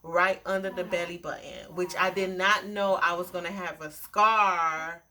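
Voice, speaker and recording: A young woman talks straight to her audience in a low-pitched voice, telling a story in a lively, playful way and throwing in friendly asides. Clear background noise sits under her voice throughout. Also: a little slow. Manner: chatty, animated retelling with playful asides. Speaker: vlogger. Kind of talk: casual storytime.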